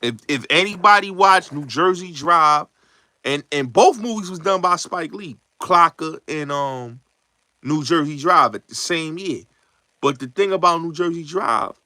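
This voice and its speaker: A man, hosting a show, chatting casually and acting out movie lines in slangy, animated talk. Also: fairly high pitch, no room sound. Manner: slangy, repeats yo and son. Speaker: show host.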